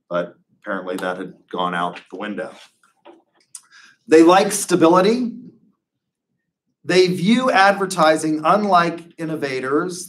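A man's voice: mid-range voice, fairly bright tone. Wry man lecturing a class. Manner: conversational, digressive, wry asides. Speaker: professor.

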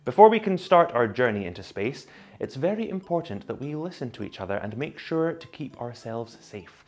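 A man's voice: a little high, darkish tone. A man leading a guided movement lesson for young children, coaxing them through call-and-response in a sing-song way. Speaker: children's movement session leader.

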